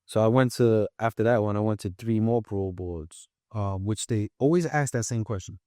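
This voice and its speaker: A man's voice: lowish voice, brisk, no room sound, studio quality. A young man with a New York accent, telling his story as a podcast guest and acting out the voices of others. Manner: animated, acts out quoted voices. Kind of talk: casual storytelling.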